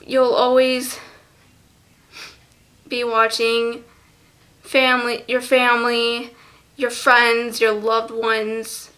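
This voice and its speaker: A teenage girl vlogging a tribute to a lost friend, halting and close to tears, with many fillers. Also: a little high, monotone. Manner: halting, soft, full of fillers. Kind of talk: tearful memorial vlog.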